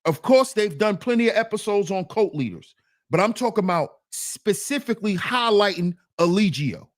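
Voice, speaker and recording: A man talks over a clip with lively, swinging pitch and a slightly raised voice. He is emphatic and keeps prodding the listener. The sound is dry and close to the mic. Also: moderate pace, dry recording. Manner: animated, emphatic, repeats "see". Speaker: commentary host. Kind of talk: casual commentary on a video clip.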